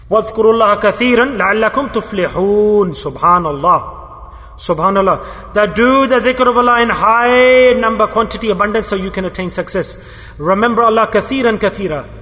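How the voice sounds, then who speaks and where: In a hall with long, echoing reverb, a male preacher with a high, slightly bright voice gives a forceful sermon. He drives home key words through repetition and keeps asking his listeners questions.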